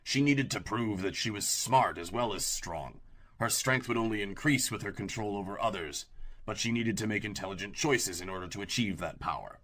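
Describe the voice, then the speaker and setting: A man voicing a guarded young man, a former bodyguard who speaks in terse, measured lines. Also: on the low side, a bit bright. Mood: explaining.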